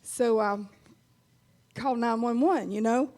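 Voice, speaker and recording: Southern woman in her fifties, stand-up comic, homey drawl, high voice. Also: a little slow, mellow. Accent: Southern US, Alabama. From Alabama. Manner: folksy, drawling, chuckles at her own lines. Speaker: stand-up comedian. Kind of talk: stand-up comedy set.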